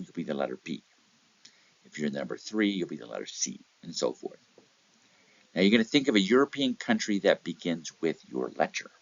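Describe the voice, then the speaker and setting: A man's voice: deep voice, gravelly, dry recording, dull audio. A man giving a motivational real estate talk, telling anecdotes, acting out little voices in them and checking in with "okay?". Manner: tells anecdotes, acts out voices, repeats "okay?".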